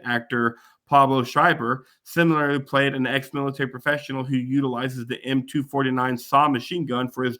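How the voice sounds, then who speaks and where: A man's voice: mid-range voice, pushed and bright. A man hosting a movie podcast, reading out trivia in a methodical, matter-of-fact way and chatting casually. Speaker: podcast host.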